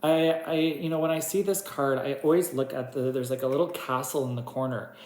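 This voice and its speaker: A woman's voice: rumbling low, fairly even intonation, a little fast, darkish tone. A woman doing a casual tarot reading, chatty and giggly, talking to her cards. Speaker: tarot reader. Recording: echoey room with faint noise.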